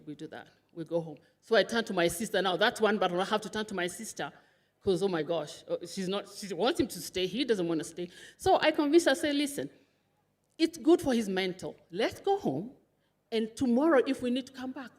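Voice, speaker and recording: A woman's voice: fairly high pitch, a little mellow. A woman giving an emotional funeral tribute, rambling and tearful, with laughter breaking through. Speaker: eulogy speaker, sister of the widow.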